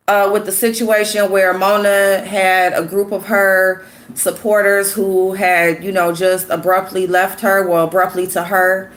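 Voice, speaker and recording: A woman with a sick, hoarse voice chatting casually with viewers while doing her makeup, greeting them by name and gossiping. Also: medium pitch. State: sick, hoarse voice with a runny nose. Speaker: YouTube commentary host.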